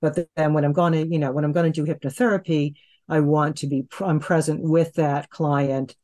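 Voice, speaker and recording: A woman's voice: low voice, steady tone, normal speed, mellow. Rambling woman telling a personal story. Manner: rambling, with restarts and "you know". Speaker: guest hypnotherapist. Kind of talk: casual conversational storytelling.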